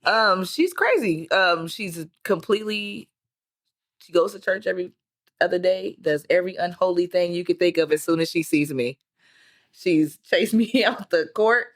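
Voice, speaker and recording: A woman's voice: fairly low pitch, normal speed. Amused woman telling a story. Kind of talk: casual chat.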